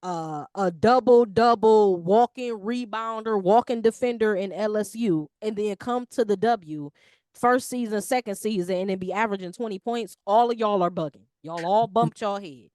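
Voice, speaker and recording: A woman co-hosting a casual sports talk show, lively and full of slang. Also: medium pitch, normal speed, no room sound, clean studio sound. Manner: animated, slangy, lively talk about basketball. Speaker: podcast co-host.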